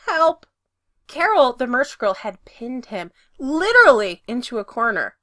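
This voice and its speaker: A woman reading a story aloud with lively, expressive narration that swells when the scene gets exciting. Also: on the high side, normal speed, dry recording, clean studio sound. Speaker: reader.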